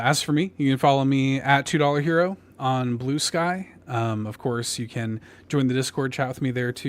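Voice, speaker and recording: A man hosting a casual gaming podcast, chatty and quick to laugh. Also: medium pitch. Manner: laughs often, loose and chatty. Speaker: podcast host. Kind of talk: casual chat.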